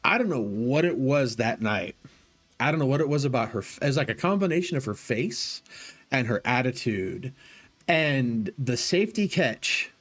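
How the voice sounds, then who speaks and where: A man's voice: medium pitch, moderate pace. A man streaming, telling a rambling story in casual talk, swearing freely and acting out the voices of people he quotes. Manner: animated, profane, acts out quoted voices.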